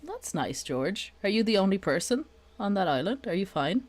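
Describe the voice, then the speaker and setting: Irish woman streamer, young adult, chatty and sweary, very lively pitch. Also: moderate pace. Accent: Irish, Dublin. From Ireland. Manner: chatty, swears freely, laughs often. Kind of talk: casual live-stream chat.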